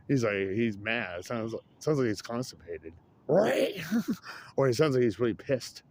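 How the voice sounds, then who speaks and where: A man's voice: medium pitch, very animated, slow, creaky, long pauses, darkish tone, a little hiss or hum. A man vlogging outdoors in a rambling casual chat, chuckling often.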